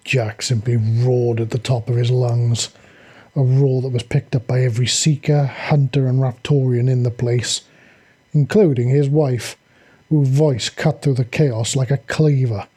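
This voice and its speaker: A man reading a fantasy story aloud with steady, dramatic storytelling. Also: medium pitch, unhurried, husky. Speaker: audiobook narrator.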